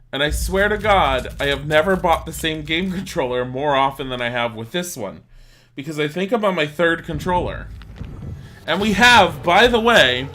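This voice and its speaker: A man live-streaming a video game from his home, chatting casually, rambling and laughing, with bursts of swearing and excitement. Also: fairly high pitch, a little hiss or hum. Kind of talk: casual live-stream chat over gameplay.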